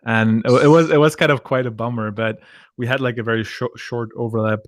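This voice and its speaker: A man's voice: mid-range voice, steady tone, brisk, no room sound. Man hosting a podcast, dry sound. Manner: conversational, hesitant questioning. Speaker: podcast host. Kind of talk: casual interview chat.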